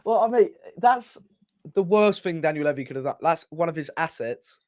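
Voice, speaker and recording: A fairly high-voiced man, chatting about football as a podcast co-host. He rambles and swears, restarting his sentences as he gets worked up. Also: lively intonation, moderate pace, a little mellow. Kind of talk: casual football chat.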